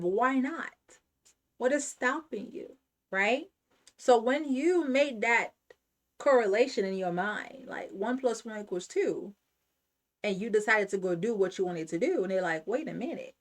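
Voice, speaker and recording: A woman hosting a motivational self-help talk, speaking emphatically and repeating her points like a preacher. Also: on the high side. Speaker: channel host.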